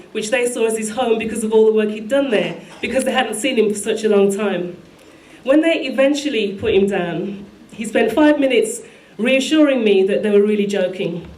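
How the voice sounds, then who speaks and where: A woman's voice: on the high side, fairly quick, darkish tone. Woman reading a tribute in a hall. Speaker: tribute speaker. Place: large hall at a live event. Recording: echoey hall with faint music.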